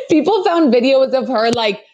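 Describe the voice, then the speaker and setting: Chatty young woman gossiping with fillers. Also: high voice. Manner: chatty, animated, lots of fillers and mock impressions. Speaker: podcast co-host. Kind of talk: casual gossip chat.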